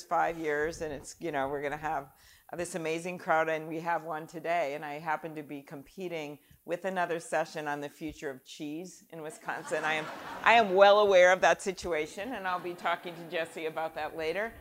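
A woman's voice: low voice, a bit bright. A woman, a senator, giving a chatty, self-deprecating speech full of humorous anecdotes to a live audience in a lecture room. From Minnesota. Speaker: senator speaking at a festival.

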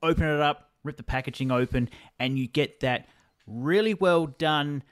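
A man with a slightly raised pitch chats about a freshly arrived collectible. He is casual and eager, and piles on detail as he describes it. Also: normal speed. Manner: enthusiastic, detailed describing of toys. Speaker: podcast co-host. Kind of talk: casual chat.

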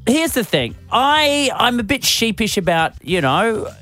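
Man, radio co-host, hesitant, musing, lively intonation, faint music behind. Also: very high-pitched, a little slow. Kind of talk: casual radio chat.

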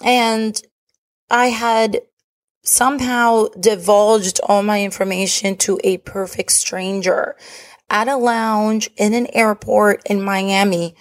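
A woman hosting a podcast, telling a personal story in a candid, profane, confessional way. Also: mid-range voice. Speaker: podcast host.

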